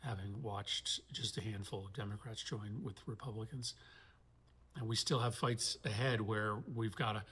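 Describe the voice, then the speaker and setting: A man, a senator, speaking earnestly and in a measured way in played-back clips. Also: on the low side, steady tone, fairly bright tone, breathy edge. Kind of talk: political speech in clips.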